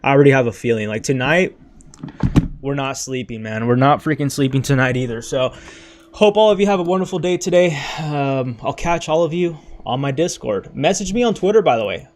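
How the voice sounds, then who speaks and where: A young man runs a casual livestream from his bedroom, wired on caffeine and a little out of breath. He talks in a hyped, rambling way, tossing in "dude" and "bro" constantly. His voice sits at an ordinary middle pitch. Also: animated, brisk, darkish tone. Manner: hyped, rambling, says freaking and dude a lot. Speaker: crypto livestream host.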